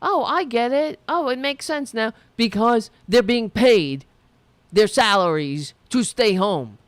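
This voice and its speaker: A woman's voice: on the high side, expressive, slow pace, dry recording. A woman hosting a political commentary show, delivering a profane, sarcastic, heated rant.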